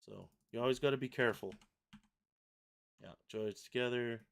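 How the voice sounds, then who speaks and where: Gravelly man demoing software live. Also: mid-range voice, moderate pace. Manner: thinking aloud, self-correcting. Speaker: software livestream host. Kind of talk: casual live software demo.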